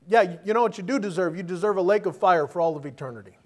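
A male preacher with a notably high voice delivers a lively sermon. He presses his listeners with rhetorical questions and reads verses aloud between his points. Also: quick pace.

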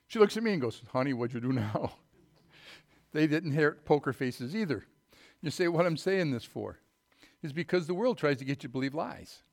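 Folksy emphatic preacher man. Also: fairly high pitch. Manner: folksy storytelling, rising to loud emphatic scripture reading. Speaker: pastor. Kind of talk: sermon.

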